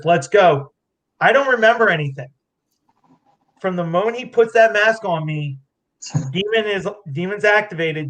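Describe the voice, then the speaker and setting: A man's voice: high-pitched, fairly bright tone, slight background noise. Emotional man fighting back tears. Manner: emotional, near tears, halting restarts. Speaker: award winner, fighter. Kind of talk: emotional acceptance talk.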